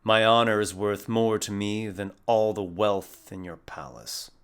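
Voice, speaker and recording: A man's voice: lowish voice, measured pace, a bit bright, clean tone. A man doing a proud, defiant adventurer. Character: proud defiant male adventurer refusing a bribe.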